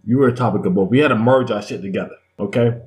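A man's voice: on the low side, very fast, darkish tone. A man co-hosting a podcast from a studio, talking in casual, slangy banter and driving his points home by repeating words. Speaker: podcast co-host.

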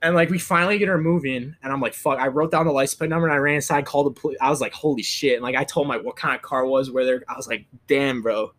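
A man's voice: medium pitch, fast, few pauses, a bit bright. A young man co-hosting a podcast, telling stories in casual chat, rambling and swearing with lots of restarts. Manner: rambling, profane storytelling with many restarts. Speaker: podcast co-host.

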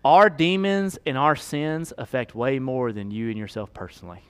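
A man preaching a sermon as pastor, swinging from hushed, slow emphasis to loud, fast pleading. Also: medium pitch, clean tone.

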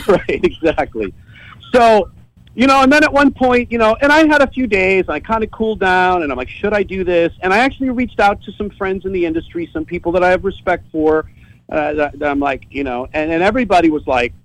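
A man's voice: high-pitched, a little fast, no echo, rough recording. A man talking as a podcast guest from his home office. He tells a story casually and with lots of energy, swearing often and laughing in between. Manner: profane, animated storytelling with laughs. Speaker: guest, site owner.

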